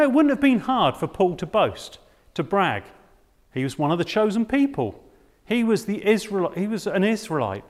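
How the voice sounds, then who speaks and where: A man's voice: high-pitched, long reverb tail. A man preaching a sermon, dramatic and emphatic, with rhetorical questions.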